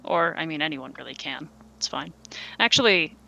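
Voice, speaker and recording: A woman acting as game master of a tabletop game played over voice chat, chatty and quick to laugh, adding up rolls aloud. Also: sits low, animated, creaky, pushed and bright. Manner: chatty, adds sums aloud, laughs often.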